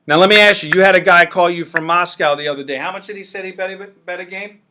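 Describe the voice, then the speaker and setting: A brash man runs a sports betting show, pushing his points hard. His voice sits a little high and sounds bright and forceful. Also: fairly even intonation, fast, slight background noise. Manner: brash, emphatic, salesman-like. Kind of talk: casual sports betting talk.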